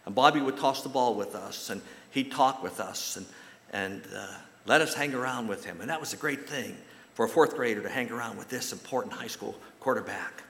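A man's voice: medium pitch, a little fast. A man from the United States preaching a sermon and telling a personal story in a folksy way. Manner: folksy storytelling, animated when quoting others. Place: church sanctuary. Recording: roomy echo with long hall reverb.

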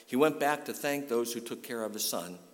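A man's voice: mid-range voice, animated, moderate pace. Preaching man in a reverberant hall. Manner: storytelling, building to fervent call-and-response. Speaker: pastor. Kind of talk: sermon.

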